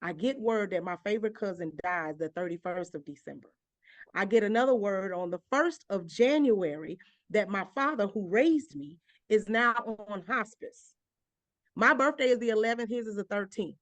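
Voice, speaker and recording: Woman telling her story on an interview, passionate, keeps repeating herself and going up in pitch, dry close mic. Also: lively intonation, normal speed, no room sound. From Georgia, US. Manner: impassioned, repeats phrases, voice climbs when stirred. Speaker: interview guest, author and minister. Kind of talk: emotional personal testimony.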